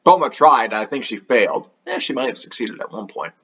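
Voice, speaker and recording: A man hosting his own review video, drifting from point to point with dry, sarcastic asides. His pitch sits in an ordinary middle range. The audio is a little dull and lo-fi. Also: expressive, brisk, fairly bright tone, husky. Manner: sarcastic, offhand, rambling. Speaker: anime review host. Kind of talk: casual video review commentary.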